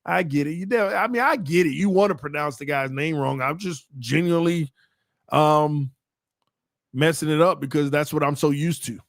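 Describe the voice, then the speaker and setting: At a moderate pace and with a gravelly voice, this young watch-party host calls the game live and chats with viewers in casual slang. Excitable, he shifts from hyped play-calls to quiet muttered asides; the recording is dry and studio-clean.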